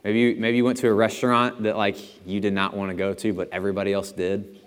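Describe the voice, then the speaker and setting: A man's voice: lowish voice, little pitch movement, fast talker, clear, resonant tone. A young man giving a casual, storytelling sermon in a church, chatty and self-deprecating and chuckling often. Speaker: church speaker. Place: church auditorium. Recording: long hall reverb.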